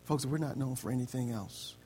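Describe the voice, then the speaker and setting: A pastor preaching a sermon, repeating phrases and building from quiet storytelling to loud exhortation. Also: male voice, medium pitch, fairly quick, a little hiss or hum.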